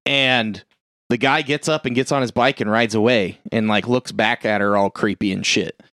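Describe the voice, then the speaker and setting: A man in casual chat, retelling a horror film scene by scene with lots of swearing and quick acted-out quotes. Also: fairly low pitch, steady tone, fairly bright tone, no echo, studio quality. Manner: profane, rambling, acts out quotes.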